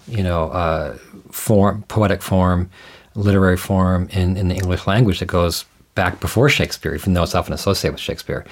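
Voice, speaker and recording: A man explaining ideas in a measured, thoughtful way, often restarting his sentences as he talks things through. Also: sits low. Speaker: guest scholar. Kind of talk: conversational explanation.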